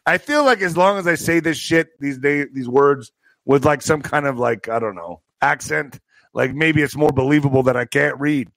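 High-pitched guy doing sarcastic news commentary, stumbles on words, dry close sound. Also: normal speed, gravelly, a bit bright, no echo. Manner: sarcastic, stumbles over words while reading. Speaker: streamer reading news.

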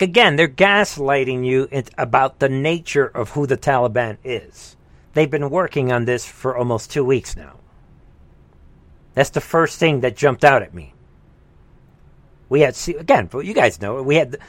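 A man's voice: medium pitch, a bit bright, no echo. A man hosting a live reaction commentary show, heated and scornful, with mocking asides. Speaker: political commentary host.

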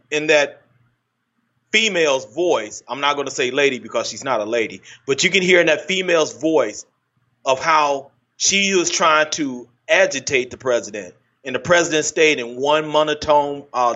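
A man hosting a casual political chat, halting with frequent restarts. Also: fairly high pitch, animated, bright, forceful tone. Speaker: podcast host. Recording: muffled lo-fi audio.

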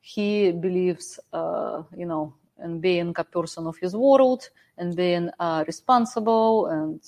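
A woman's voice: fairly low pitch, slow. Hesitant Russian-accented woman guest. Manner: hesitant, many uh fillers, soft laughs. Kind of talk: casual chat.

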